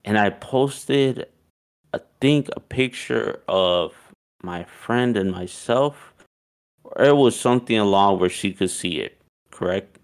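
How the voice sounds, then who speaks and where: Gravelly deep-voiced man telling a story. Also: slow pace. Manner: loose and profane, heavy use of "like". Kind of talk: casual chat, storytelling.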